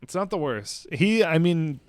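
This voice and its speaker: A man's voice: on the high side, big pitch swings, no echo, studio quality. Laughing man chatting about a film. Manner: laughs often, quick upbeat reactions. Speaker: podcast co-host. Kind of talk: casual film chat.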